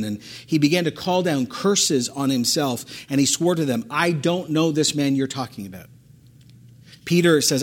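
A man preaching a sermon, animated and emphatic, repeating phrases and acting out the words of the people in his story. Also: mid-range voice, normal speed, slightly rough. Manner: animated, acts out quotes, emphatic repetition. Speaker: pastor.

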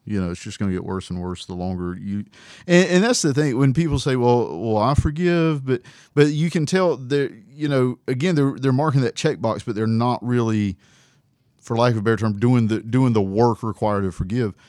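A man's voice: medium pitch, normal speed, a little mellow, no room sound, studio quality. A man co-hosting a casual faith discussion, talking earnestly and conversationally.

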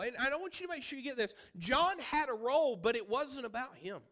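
A man preaches a sermon in a high, bright, forceful voice. He presses each point, repeating himself and asking the congregation direct questions. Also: expressive, normal speed, few pauses. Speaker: pastor.

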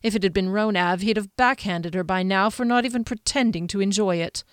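A woman narrating a fantasy novel in a steady storytelling manner. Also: medium pitch, fairly quick, clean tone, dry recording, studio quality. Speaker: audiobook narrator. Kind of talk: scripted narration.

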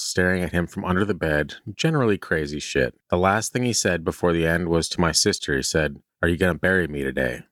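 A man co-hosting a podcast, reading listener stories aloud and joking around in casual chat, swearing and slipping into quick voices for bits. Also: sits low, no echo, clean studio sound. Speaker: podcast co-host.

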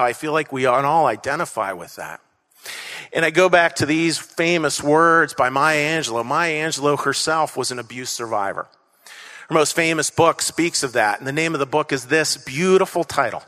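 In an echoey church hall, a pastor preaches from the stage to his congregation in a fairly high, sharp, animated voice at normal speed. He's earnest, repeating key phrases and leading the crowd in call-and-response.

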